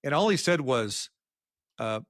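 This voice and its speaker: A man co-hosting a podcast, telling workplace stories in casual chat and acting out the quotes with big jumps in pitch. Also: unhurried, dry recording, studio quality. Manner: animated storyteller, acts out quotes with jumps in pitch. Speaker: podcast co-host.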